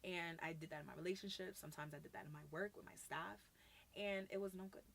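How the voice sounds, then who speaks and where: A woman in her thirties with a New York accent, chatting on a podcast. Her voice sits a little low, and she talks in a lively way, slipping into quoted voices and laughing often. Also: quick pace, gravelly, slight background noise. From United States. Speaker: podcast guest, youth mentor. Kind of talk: casual conversation.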